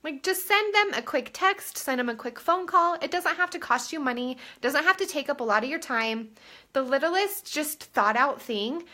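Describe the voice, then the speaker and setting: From a room in her home, a woman in her thirties chats casually on a live stream, her phone at arm's length. Her voice sits high and comes across bright and forceful, and her talk rambles with many fillers.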